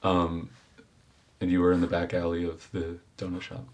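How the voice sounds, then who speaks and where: A deep-voiced man narrating a tabletop game as its game master. He speaks in a laid-back, rambling way and fills the gaps with plenty of ums and uhs. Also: monotone, normal speed.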